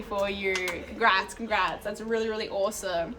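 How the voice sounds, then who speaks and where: A woman's voice: medium pitch, steady tone, normal speed, few pauses, noisy background. A young woman, chatting casually to her live stream chat, easily sidetracked and swearing freely, talking into a phone held out. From Australia. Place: outdoors in an Italian town, walking.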